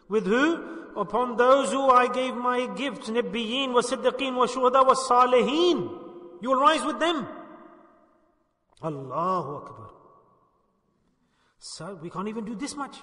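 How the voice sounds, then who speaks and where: A man's voice: sits high, sharp tone. A man preaching a sermon to a gathering, emphatic and repeating his key points. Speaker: Sufi preacher. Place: gathering hall. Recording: echoey hall, long reverb.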